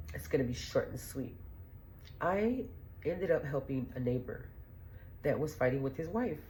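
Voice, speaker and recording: A middle-aged woman hosts a podcast in a low, mellow voice over a little hiss or hum. She tells stories in a casual monologue, rambling, blunt and profane, laughing as she goes.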